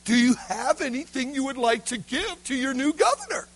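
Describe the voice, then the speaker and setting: A man doing a soft-spoken young governor. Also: animated. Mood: patient. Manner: soft, low and measured. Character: young gentle male governor, calm and quiet.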